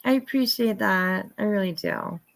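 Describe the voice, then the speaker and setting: A woman's voice: mid-range voice, moderate pace, creaky. A woman in her fifties hosting a casual livestream, chatting with viewers, thanking them by name and laughing often. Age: 50s. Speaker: livestream host. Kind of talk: casual live chat with viewers.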